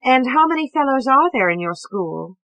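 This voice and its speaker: A woman's voice: high-pitched, sing-song, normal speed, fairly bright tone, no echo, highs cut off, voice pushed up, exaggerated voice. A woman reading a witty young woman who speaks with polite, sly irony. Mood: wry.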